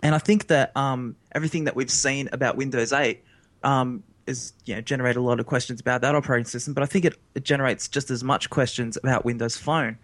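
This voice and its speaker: Male podcast co-host, measured questions, mid pitch, dry sound. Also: steady tone, fairly bright tone, no room sound. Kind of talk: casual podcast interview.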